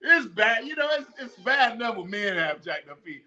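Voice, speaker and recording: A man's voice: extremely high pitch, big pitch swings, moderate pace, pushed and bright, muffled recording. A middle-aged man hosting a podcast, telling casual stories in a slangy, playful way, laughing often and repeating himself. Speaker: podcast host. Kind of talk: casual storytelling monologue.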